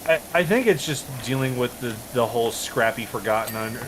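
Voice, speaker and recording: A man's voice: medium pitch, expressive, fairly quick, noisy background. A man on a co-op game stream telling a long, exasperated story in casual chat, swearing freely and restarting his sentences.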